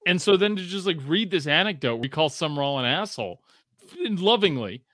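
A man in his thirties co-hosting a casual sports podcast, telling stories with lots of swearing and climbing pitch when he gets excited. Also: a little fast, dry recording, studio quality. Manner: animated storyteller, swears freely, rising pitch when excited. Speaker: podcast co-host.

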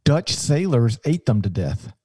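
A man co-hosting a sports podcast, telling stories with animated, joking energy. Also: medium pitch, measured pace, husky, dry recording. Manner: animated, jokey storytelling with restarts. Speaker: podcast co-host, sports analyst. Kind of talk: casual podcast banter.

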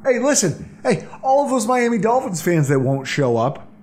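A man hosting a sports podcast, running through the game preview with animated, dramatic delivery. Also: high voice, normal speed, a little hiss or hum. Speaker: podcast host. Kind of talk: excited sports podcast banter.

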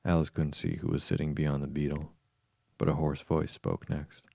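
A man reading a storybook aloud slowly and softly to lull listeners to sleep. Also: a bass voice, little pitch movement, vocal fry, no room sound. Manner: slow, soft, soothing reading. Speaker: podcast host, bedtime reader.

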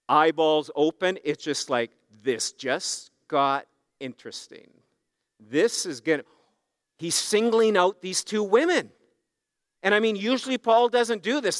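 A middle-aged pastor delivers a sermon in a high, resonant voice. His manner is earnest and conversational, building urgency by repeating key phrases. The sound is close and dry. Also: fairly bright tone, smooth, no echo. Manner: conversational, earnest preaching with emphatic repetition. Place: church.

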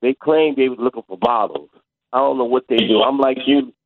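A man's voice: mid-range voice, brisk, no room sound. Male caller on a tinny phone line. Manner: rambling, plainspoken, hesitant. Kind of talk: call-in radio chat.

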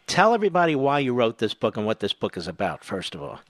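A man's voice: mid-range voice, huge pitch swings, quick pace, no echo. Emphatic male talk radio host. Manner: emphatic, repeats words for stress.

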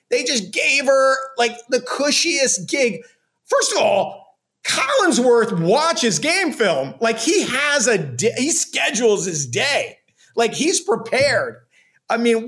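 A man's voice: very high-pitched, gravelly, fairly bright tone. A man co-hosting a casual sports chat, ranting with sarcasm, laughing and swearing. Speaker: podcast co-host.

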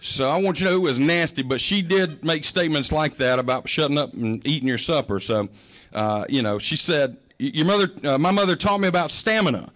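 A man's voice: on the high side, expressive, fairly quick, a bit bright. A middle-aged male pastor giving a sermon, telling humorous, folksy stories about his mother.

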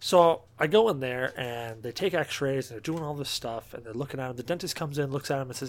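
A man co-hosting a podcast, telling a profane, animated anecdote in casual chat and acting out the other people in it. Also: medium pitch, brisk, hardly any pauses. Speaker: podcast co-host.

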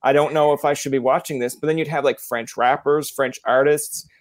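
A man's voice: mid-range voice, fairly even intonation, a little fast, no echo, clean studio sound. Rambling Newfoundland man hosting an interview. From Newfoundland, Canada. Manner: rambling storyteller, acts out quoted voices. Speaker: podcast host. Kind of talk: casual interview chat.

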